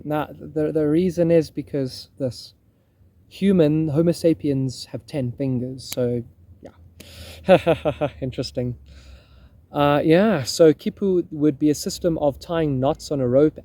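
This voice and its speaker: A man's voice: mid-range voice, dark tone. A man reenacting history, explaining in casual talk and often breaking off to restart his thoughts. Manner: musing, self-interrupting.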